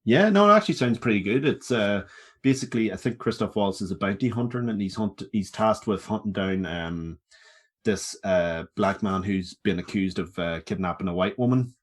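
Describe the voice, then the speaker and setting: A man's voice: lowish voice, expressive, moderate pace. A man co-hosting a movie podcast, chatting in a laid-back way, swearing and laughing easily. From Northern Ireland. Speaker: podcast co-host. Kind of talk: casual chat.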